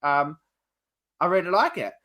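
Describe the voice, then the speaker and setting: A man's voice: a little high, animated, measured pace, bright, forceful tone. A young man hosting a casual football chat show, greeting viewers one by one by name with friendly banter. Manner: reads out viewer names with running banter. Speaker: host.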